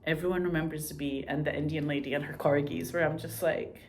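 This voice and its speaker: A woman's voice: low-pitched, fairly even intonation, fast, a little mellow, a little hiss or hum. A woman in casual chat who swears freely and acts out the lines she quotes. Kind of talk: casual chat about TV shows.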